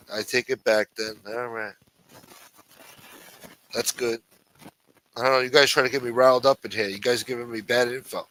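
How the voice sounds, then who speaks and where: Profane, bright-voiced stream host. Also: male voice, mid-range voice, a little hiss or hum, low-quality recording. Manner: profane, animated and chatty with chat. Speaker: livestream host. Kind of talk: casual live-stream talk.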